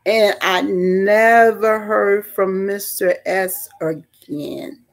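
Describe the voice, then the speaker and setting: A woman's voice: medium pitch, fairly even intonation, very slow. An older woman telling a personal story in a chatty, rambling way with many fillers. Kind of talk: casual storytime vlog.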